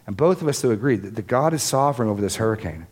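A man's voice: lowish voice, expressive, very fast. A man preaching a sermon as pastor, earnest, repeating phrases for emphasis and lifting his voice on key lines.

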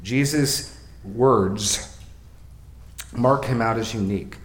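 A man's voice: medium pitch, slow, reverberant. A male pastor preaching an expository sermon. He asks questions of his listeners and repeats phrases for emphasis.

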